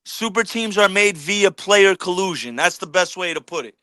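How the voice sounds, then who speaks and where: A man's voice: high-pitched, lively intonation, moderate pace, pushed and bright, no room sound. A man co-hosting a basketball talk stream, answering the chat and stumbling over repeated words while making his case. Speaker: livestream co-host reading chat. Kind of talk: casual sports debate chat.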